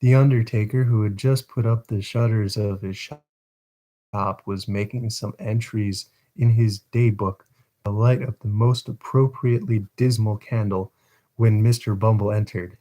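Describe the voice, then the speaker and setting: A man's voice: on the low side, fairly even intonation, moderate pace, warm tone. A man reading a novel aloud on a casual livestream, chatting between passages and stumbling over words.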